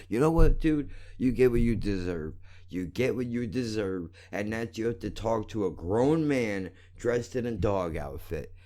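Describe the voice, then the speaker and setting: A man ranting angrily and profanely into his podcast mic at home, repeating himself and swinging between shouting and muttering. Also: lowish voice. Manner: loud, repetitive, swearing, swings from shouting to muttering. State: agitated. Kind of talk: angry profane rant. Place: home, living room.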